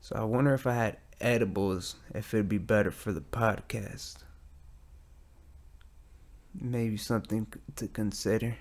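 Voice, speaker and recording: An American man hosts a casual solo podcast late at night from a metal garage, talking into a studio mic while wearing headphones. His voice sits fairly low and stays steady and a little mellow, and he speaks unhurriedly with long pauses. He rambles, swears freely, and pokes fun at himself.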